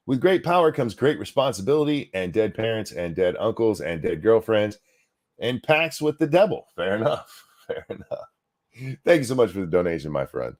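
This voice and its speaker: A sarcastic man hosts a live political commentary stream, riffing on clips and reading out donations. His voice is on the low side but leaps around with lively, animated pitch. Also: moderate pace. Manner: sarcastic, animated, thanks donors.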